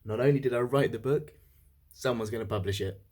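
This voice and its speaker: A man's voice: mid-range voice, a little fast, darkish tone. A young man vlogging in a casual, candid way, joking about himself. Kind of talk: casual monthly vlog.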